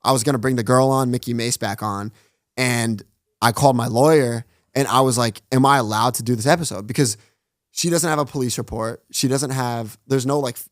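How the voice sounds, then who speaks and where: Dry, studio-quality audio captures a mid-range male voice. As a guest on a podcast, and the runner of his own online show, he retells stories fast and casually, performing the quoted lines and filling gaps with "like" again and again.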